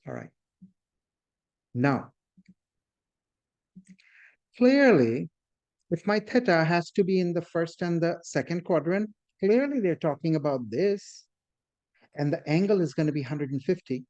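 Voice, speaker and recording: A man's voice: a little high, expressive, measured pace, pauses often, a little mellow, muffled recording. A man teaching a math class, explaining step by step and often checking in with his students. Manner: addresses the class as "guys", invites questions. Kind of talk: classroom lecture.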